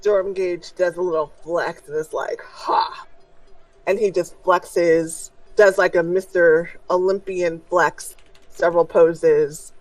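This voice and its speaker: A woman's voice: lowish voice, fairly even intonation, a little slow, a little mellow, no echo, far from the mic, poor audio. Woman narrating as game master.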